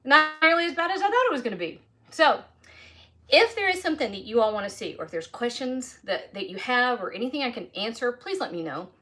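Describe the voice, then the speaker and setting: A woman's voice: a little high, very animated, brisk, sharp tone. A woman, chatting casually while she cooks and tastes food in her home kitchen during a live stream. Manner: chatty, folksy, talks while tasting food. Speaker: home cook hosting a live cooking stream.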